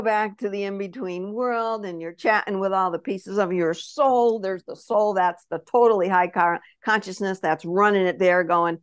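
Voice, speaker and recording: A woman spirit messenger telling a past-life reading as an animated story, acting out quotes and often asking if the listener follows. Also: medium pitch, a little slow, hardly any pauses, no echo. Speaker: spirit messenger, podcast guest.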